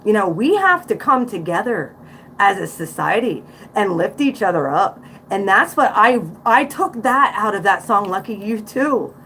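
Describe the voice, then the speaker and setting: A woman's voice: medium pitch, big pitch swings, moderate pace, a bit bright, slight background noise. A woman in her forties with a Central Pennsylvania accent, talking bluntly and outspokenly as she reacts to music on a casual livestream. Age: 40s. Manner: blunt, outspoken, preachy asides. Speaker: livestream host.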